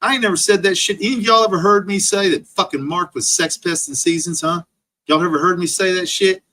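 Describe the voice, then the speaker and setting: A man's voice: sits high, steady tone, a little fast, bright, forceful tone. A man streaming an angry, profane rant full of insults. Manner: profane, insult-laden ranting.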